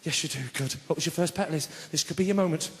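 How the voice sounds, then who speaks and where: A man doing stand-up comedy, telling deadpan stories with sudden shouted outbursts on a theatre stage. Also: fairly high pitch, fast. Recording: live stage mic in a big hall with loud audience noise.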